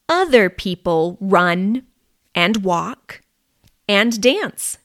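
A woman reading a simple story aloud for language learners, clear and deliberate. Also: mid-range voice, fairly bright tone, dry recording, studio quality.

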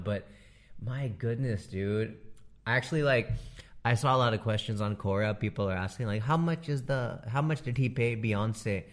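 Laughing, animated comedian riffing. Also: male voice, lowish voice. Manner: animated, laughing often, slangy. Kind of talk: casual comedic monologue.

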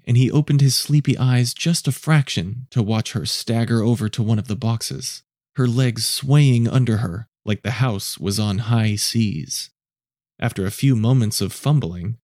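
Man narrating an audio story, measured. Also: mid-range voice, a little mellow, no echo, clean studio sound. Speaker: narrator and producer.

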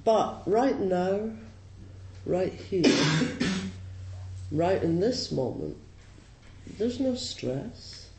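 A man with a Scottish accent, a Zen teacher giving a slow, gently humorous and reflective dharma talk. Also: high-pitched, sing-song, heavy background noise. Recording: roomy hall with faint ambience.

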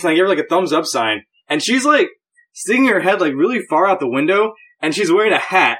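A man's voice: a little high, very animated, a little fast, a bit bright. A man co-hosting a podcast, telling a story in casual chat with an easygoing, hedging manner. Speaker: podcast co-host.

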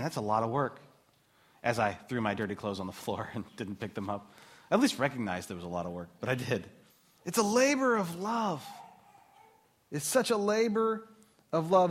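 A man in his thirties, a pastor, preaching a sermon in a conversational, animated way with casual asides. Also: mid-range voice.

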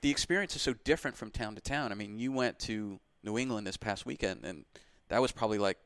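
A man's voice: on the low side, fast talker, a bit bright, clean tone, no echo. A man interviewing podcast hosts in a casual, jokey, easygoing way. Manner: easygoing, jokey, asks with "you know what I mean".

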